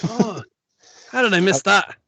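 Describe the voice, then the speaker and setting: A man's voice: high-pitched, animated, unhurried, creaky, bright, forceful tone. A man playing in a tabletop game, chatting casually and cracking jokes. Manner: jokey, rambling with fillers. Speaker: player.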